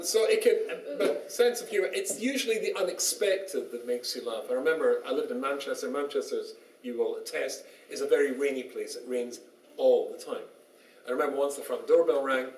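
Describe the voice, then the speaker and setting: A man's voice: on the high side, normal speed. A man, a rabbi, giving a humorous lecture and telling jokes and stories as he goes. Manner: joking storyteller, lively, laughs often. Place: small synagogue lecture room. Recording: roomy, distant, faint background noise.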